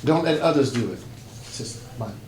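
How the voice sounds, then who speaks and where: Expressive and a little mellow, a pastor in his fifties speaks at medium pitch and normal speed during a folksy conference workshop. He tells stories and acts out the voices he quotes. The breakout room sounds echoey, with faint background noise.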